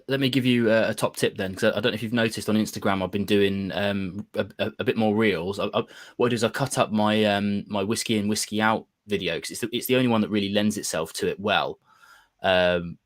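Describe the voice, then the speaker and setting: رجل بصوت منخفض يقدّم البرنامج بارتياح. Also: male voice, on the low side, no room sound. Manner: relaxed, explanatory, sharing tips. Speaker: show host. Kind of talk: casual roundtable chat.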